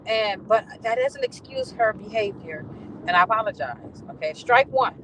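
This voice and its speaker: Brief: lively woman vlogger telling a story with plenty of swearing, in a car with faint road noise behind. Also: mid-range voice, normal speed. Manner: animated, profane storytelling. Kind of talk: casual venting monologue. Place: in a car on the ride home.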